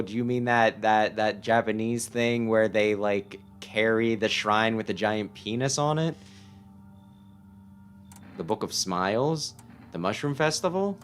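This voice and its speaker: A man's voice: on the low side, steady tone, normal speed. A man casually playing a game on stream, reading its text aloud and reacting with wry, swearing asides. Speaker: let's-play gamer.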